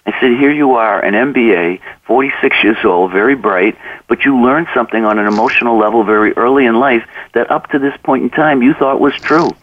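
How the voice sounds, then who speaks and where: Speaking briskly at a medium pitch, this interview guest, an author and coach, tells heartfelt stories and performs the dialogue in them. The mic sits far off, there's no room sound, and the recording comes across dull.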